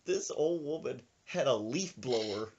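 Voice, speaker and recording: A man hosting a podcast, telling a comic story in an animated way and laughing through it. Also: medium pitch, measured pace, muffled recording, noisy background. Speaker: podcast host.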